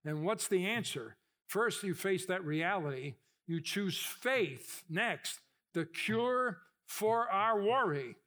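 High-voiced, animated preaching man. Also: takes it slowly. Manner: animated storytelling, acts out voices, rises in pitch and volume for emphasis. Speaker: pastor. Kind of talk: sermon.

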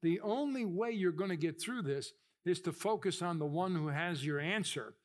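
A pastor preaching a sermon with animated storytelling, acting out voices and getting louder for emphasis. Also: male voice, moderate pace. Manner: animated storytelling, acts out voices, rises in pitch and volume for emphasis.

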